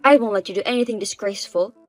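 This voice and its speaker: A woman's voice: mid-range voice, rapid-fire, soft background music, lightly acted. A woman voicing a meddling mother-in-law who lectures condescendingly and bosses people around. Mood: scolding.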